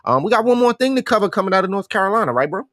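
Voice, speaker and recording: A man co-hosting a casual political morning talk show, emphatic and animated, slipping into mocking voices. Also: high-pitched, very fast, no echo, clean studio sound. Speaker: co-host.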